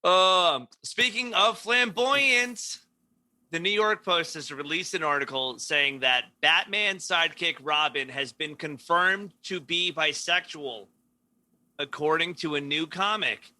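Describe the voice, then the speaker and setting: A man with a slightly high, very bright voice chats loosely on a comedy podcast. He tells silly stories with a laugh in them and slips into little voices for the people he describes. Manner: joking, storytelling with quick impressions and frequent laughs. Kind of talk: casual comedic chat.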